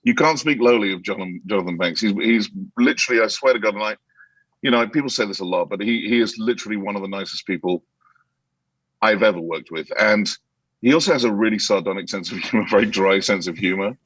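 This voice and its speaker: A man, an actor guest in a casual interview, telling animated anecdotes with many restarts and acting out quotes. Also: lowish voice, fast, breathy edge, no echo, rough recording.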